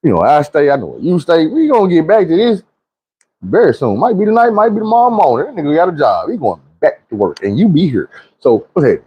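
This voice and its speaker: A man tells a comic story from his life in a loose, profane way and acts out each quoted voice. His voice sits a little high and swings widely. It has a husky, slightly rough grain. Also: very animated, fast talker, dull audio. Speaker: storyteller host.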